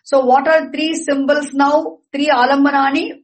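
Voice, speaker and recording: A woman lecturing on a sacred text, deliberate, repeating and explaining each term. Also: high-pitched, level tone, low-quality recording. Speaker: scripture teacher.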